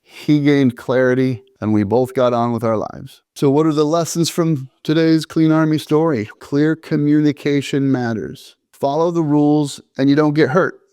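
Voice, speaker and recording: A middle-aged army veteran telling a first-person story with dry, matter-of-fact humor and a measured, deliberate delivery. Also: male voice, fairly high pitch, fairly even intonation, dark tone, clear, resonant tone, no room sound.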